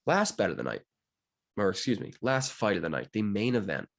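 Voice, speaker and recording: A young man from Pennsylvania chatting casually and jokingly about fight betting picks, with big swings in his delivery. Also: brisk. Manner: animated, jokey, wide swings in pitch. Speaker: sports betting commentator. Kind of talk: casual solo betting talk.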